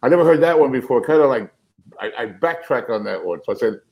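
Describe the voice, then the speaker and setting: Middle-aged male comedian guest, lively storyteller with a swinging, expressive pitch. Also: quick pace, rough recording. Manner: animated, acts out quotes. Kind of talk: storytelling anecdote.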